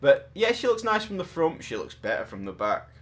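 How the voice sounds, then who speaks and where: A man's voice: a little high, wildly swooping pitch, a little fast. A man hosting a casual chat about collectible statues, rambling and joking at his own expense. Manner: rambling, self-deprecating, jokey. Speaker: podcast host.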